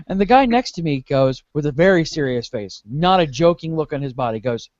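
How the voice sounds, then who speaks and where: A man on a podcast recounts a story with lively, swooping delivery and a fairly high voice, and he acts out each line of dialogue. The recording is dry and a little muffled. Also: brisk, hardly any pauses, no room sound. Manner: animated storyteller acting out dialogue, laughing often. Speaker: podcast host. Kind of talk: casual anecdote telling.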